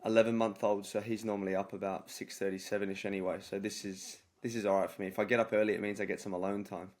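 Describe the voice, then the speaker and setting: A man hosts a casual football podcast in a fairly low voice. He talks in a friendly way and pauses often on fillers. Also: level tone. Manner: friendly, hesitant, many fillers. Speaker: podcast host.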